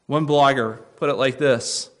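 A male pastor delivering a sermon in a voice of ordinary, middle pitch. He preaches emphatically and hammers his points home by repeating short phrases. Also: fairly even intonation, a little slow.

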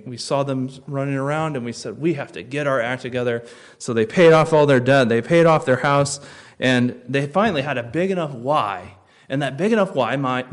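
A pastor delivering a sermon in a mid-pitched voice. He tells stories quietly, almost hushed at times, then rises with emphatic stress on key points. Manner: storytelling, dropping to a hush for tense moments and rising for emphasis.

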